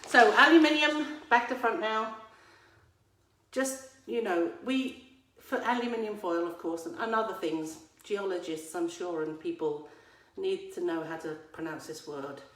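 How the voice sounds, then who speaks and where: In an echoey room at home, an English woman talks casually to her audience through a phone camera at arm's length. Her fairly low voice is unhurried, and she slips in playful, teacherly remarks.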